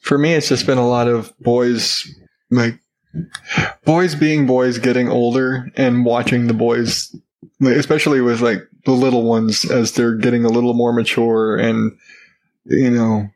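A man's voice: mid-range voice, level tone, unhurried, a little mellow. Laid-back joking man podcast co-host. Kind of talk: casual chat.

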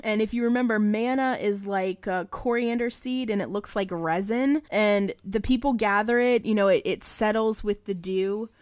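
An irreverent woman podcast host reads scripture aloud and breaks in with crude, joking asides. Her voice sits at an ordinary middle pitch. The sound is dry and close, with no room echo. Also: normal speed, hardly any pauses, clear, resonant tone. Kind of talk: casual Bible reading and commentary.

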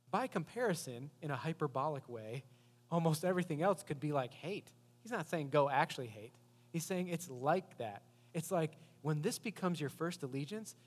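A pastor with a fairly high voice preaches a sermon in an echoing hall with long reverb. His delivery is earnest and conversational, using rhetorical questions.

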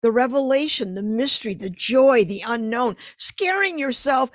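Animated woman artist telling stories. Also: a little high, normal speed, dry recording. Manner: animated storyteller, acts out her inner voice. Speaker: artist guest. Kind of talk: casual interview chat.

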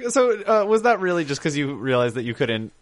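A man's voice: sits high, lively intonation, unhurried. A man hosting a podcast in casual chat, wry and chuckling, with hesitant fillers. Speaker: podcast host.

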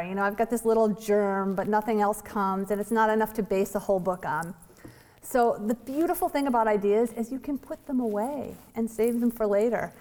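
A novelist in her forties telling the story behind her book in a chatty, animated way, with light laughs and fillers. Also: fairly high pitch. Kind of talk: storytelling author talk. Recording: long hall reverb.

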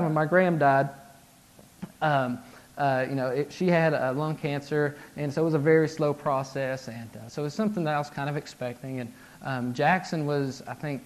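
A man in his thirties delivers a casual sermon in a fairly high voice. He talks loosely and conversationally, with restarts, filler words and frequent "right?" checks with his listeners. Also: moderate pace. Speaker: pastor.

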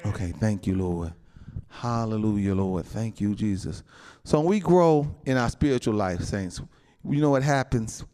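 A pastor with a lowish, warm voice preaches to his congregation in a church at a normal pace. He sprinkles his sermon with amens and calls out to the saints.

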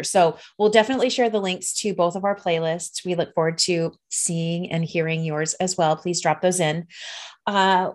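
A woman with a somewhat low voice co-hosts a casual spiritual podcast. She talks with warm, affirming enthusiasm. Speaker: co-host. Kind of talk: casual chat.

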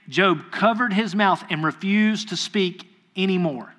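A man delivering a sermon with a bright, forceful tone and a slightly raised pitch. He preaches in a relaxed, conversational way, acting out quoted voices and throwing quick asides to his listeners. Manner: acts out quoted voices in retellings.

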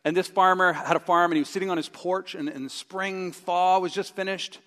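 A middle-aged male pastor preaching a sermon with a live stage demonstration, animated and acting out his own inner voice with groans. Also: high-pitched, a little fast. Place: church sanctuary. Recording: long reverb of a large hall.

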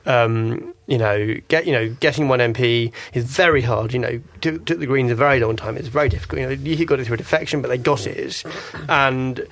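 A man's voice: mid-range voice, a little fast, hardly any pauses, a bit bright. A man speaking as a guest on a radio discussion show, hesitant and full of "you know" fillers. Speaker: guest commentator.

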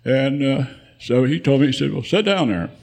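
Gravelly old man telling war stories. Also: medium pitch, expressive, moderate pace, darkish tone. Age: 90s. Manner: rambling, chuckling storyteller. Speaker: veteran guest. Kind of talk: spoken war memoir. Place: live audience event.

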